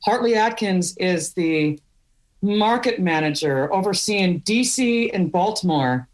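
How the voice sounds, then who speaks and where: Animated storytelling middle-aged woman. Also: on the low side, a little slow. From Wisconsin, US. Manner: animated, candid, laughs through stories. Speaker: podcast guest. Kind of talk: storytelling interview.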